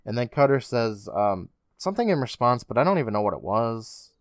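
A man's voice: mid-range voice, sing-song, brisk, dry recording, studio quality. A man co-hosting a podcast, casually recapping a TV episode with sarcastic asides and the odd swear. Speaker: podcast co-host.

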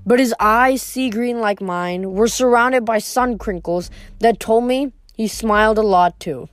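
A woman reading a novel aloud in first person, steady, with the odd stumble over a word. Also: on the high side, measured pace, no room sound. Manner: steady first-person storytelling with small slips. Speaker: reader.

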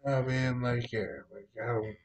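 Slow, cursing man, off-mic. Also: medium pitch. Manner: dismissive, heavy swearing, rambling fillers like "yo" and "know what I mean". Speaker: host commenting on news stories. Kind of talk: casual profane commentary. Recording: voice distant from the mic.

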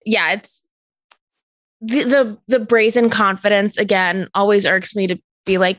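A woman's voice: mid-range voice, fairly even intonation, unhurried, a bit bright, no room sound. A woman co-hosting a casual chat show, giggling often and trailing off to restart her sentences. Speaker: podcast co-host.

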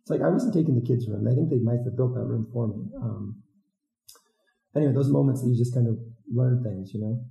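A man who served as a volunteer teacher, telling stories in a relaxed, rambling way with many fillers and restarts. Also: medium pitch, a little fast, gravelly. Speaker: former Peace Corps volunteer teacher. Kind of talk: casual storytelling interview. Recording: roomy echo.

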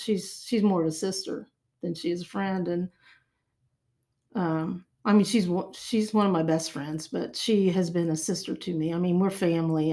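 A woman's voice: fairly low pitch, a little mellow. An older woman from Ohio, a podcast guest talking in an earnest, reflective way. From Ohio, USA. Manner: earnest, reflective, restarts phrases. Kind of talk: casual conversation.

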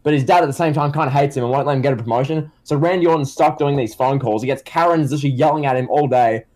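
Fast-talking, with a mid-range, darkish voice, this co-host of a casual comedy chat tells rambling stories. They're heavy on fillers and full of restarts.

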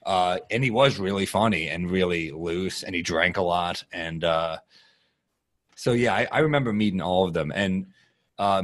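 A man telling profane, animated stories as a guest comedian in casual podcast chat. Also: sits low. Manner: animated, profane, fast-shifting storyteller.

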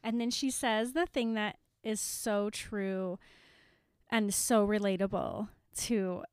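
A woman's voice: medium pitch, takes it slowly, clear, resonant tone, no echo, studio quality. A woman co-hosting a casual chat about a book, joking and breaking into laughter. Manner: animated, joking, bursts of laughter. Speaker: podcast co-host.

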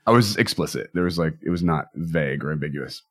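Deep-voiced man telling his story candidly. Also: fast. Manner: earnest, animated storyteller who acts out quoted voices. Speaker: podcast guest.

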